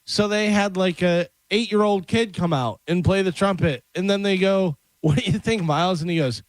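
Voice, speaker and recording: Chatty, fairly high-voiced male co-host. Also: moderate pace, no echo. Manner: chatty, tells stories with laughs. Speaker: radio co-host. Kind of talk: radio talk show banter. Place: radio studio.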